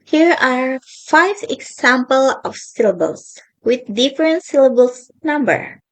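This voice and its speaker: A woman's voice: high-pitched, very animated, a little slow, low-quality recording. A young woman reading out her class presentation on linguistics, carefully stressing each example word. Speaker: student presenter.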